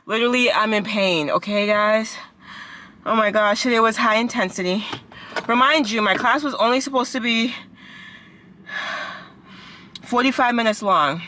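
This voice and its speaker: A woman's voice: a little high, moderate pace, sharp tone, a little hiss or hum. A woman vlogger, chatting casually, out of breath and exasperated. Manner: exclaiming, exasperated. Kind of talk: casual vlog chat.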